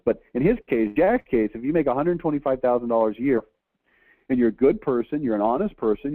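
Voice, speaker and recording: Mid-pitched man in his forties, business coach, emphatic storyteller who repeats phrases, dry tinny phone-line sound. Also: dry recording. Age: 40s. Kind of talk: motivational storytelling.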